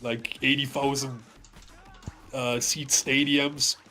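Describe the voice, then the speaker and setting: A man's voice: mid-range voice, level tone, takes it slowly, sharp tone, faint music behind. A man chatting casually on a podcast, rambling through a long story with plenty of fillers, stammers and swearing. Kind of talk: casual chat.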